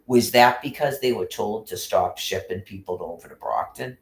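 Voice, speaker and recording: A man's voice: on the low side, normal speed. A man ranting angrily and rambling, full of profanity and restarts. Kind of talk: casual rant. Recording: roomy echo.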